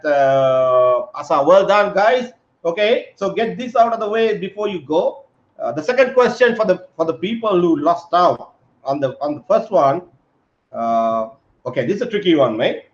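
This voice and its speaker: A man's voice: high voice, animated, normal speed. Chatty man on an echoey video call. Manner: chatty, many fillers, calls guest mate. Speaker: host. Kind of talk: casual live-stream chat. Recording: echoey, dull lo-fi audio.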